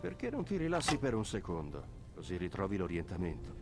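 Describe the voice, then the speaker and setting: An actor voicing a kindly older male country doctor in calm, gentle dubbed video game dialogue. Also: deep voice, fast talker, exaggerated voice. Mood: calm, reassuring. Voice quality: calm, gentle bedside manner. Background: game music.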